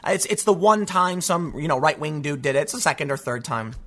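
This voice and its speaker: Fired-up male commentator, high voice. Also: lively intonation, brisk, a bit bright. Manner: emphatic, repeats phrases, casual address. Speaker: political commentator. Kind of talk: news commentary rant.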